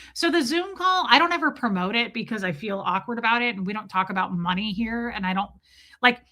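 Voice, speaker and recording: A woman's voice: a little high, fairly bright tone. A woman hosting a livestream, chatting casually in a blunt, profane, self-mocking way. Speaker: livestream host. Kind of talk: casual chat.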